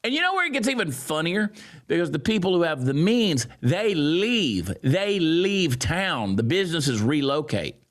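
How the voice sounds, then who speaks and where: A man giving sarcastic, mocking political commentary, swinging from loud jeers down to low grumbles. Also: sing-song, moderate pace. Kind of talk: ranting commentary.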